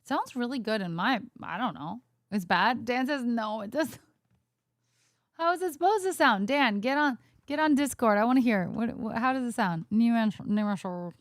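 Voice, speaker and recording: A woman's voice: a little high, animated, no echo, studio quality. A woman livestreaming, chatting casually with a friend on a call and reading chat messages aloud. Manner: chatty, reads chat aloud, quick asides. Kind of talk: casual chat on a live stream.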